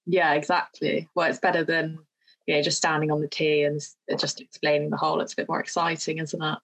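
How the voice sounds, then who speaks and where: A woman hosting an interview, with a low voice that is gravelly and husky. She asks long, friendly questions in an easy manner. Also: level tone, fairly quick, fairly bright tone, poor audio. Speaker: interviewer, podcast host.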